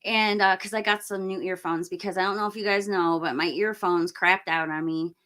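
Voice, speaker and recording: A middle-aged woman hosting a live stream, chatting enthusiastically and rambling with fillers, her voice slightly hoarse as she loses it. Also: medium pitch, fairly even intonation, brisk, a bit bright. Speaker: livestream host. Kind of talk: casual live-stream chat.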